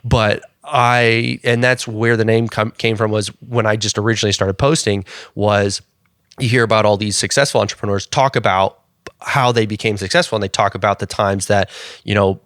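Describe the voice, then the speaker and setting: A male podcast host with a fairly low voice talks in a reflective, halting way. The recording is dry and close to the mic. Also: steady tone, a bit bright, no echo. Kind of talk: casual podcast chat.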